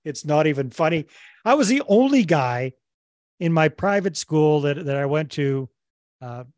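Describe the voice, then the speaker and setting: A man's voice: a little high, animated, moderate pace, darkish tone, no room sound, clean studio sound. A man hosting a podcast interview in casual, upbeat chat, joking at his own expense. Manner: upbeat, self-deprecating, jokey. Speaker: podcast host.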